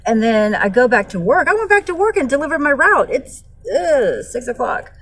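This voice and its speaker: High-voiced woman in her forties, heated. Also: very animated, normal speed, fairly bright tone, poor audio. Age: 40s. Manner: heated, blunt, swings from angry outbursts to weary sighs. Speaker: vlogger. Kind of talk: casual vlog storytelling.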